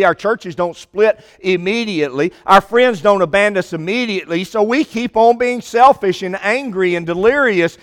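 A man preaching a sermon with an emphatic, repetitive cadence, slowing down to stress key lines. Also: high-pitched. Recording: long hall reverb.

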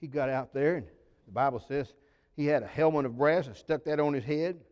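A male pastor preaching in a high, reedy tenor that rings through a reverberant hall. He tells folksy stories in a sermon, punching some words out loud and dropping others to a low murmur. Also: brisk, highs cut off. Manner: folksy storytelling, swinging between loud emphasis and sudden low drops. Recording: long reverb of a large hall.

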